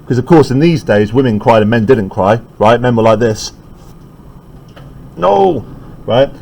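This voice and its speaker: A man teaching a classroom literature lesson, with a voice at an ordinary middle pitch. He breaks ideas into small steps and keeps tossing in quick "right?" checks to the students. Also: darkish tone, low-quality recording.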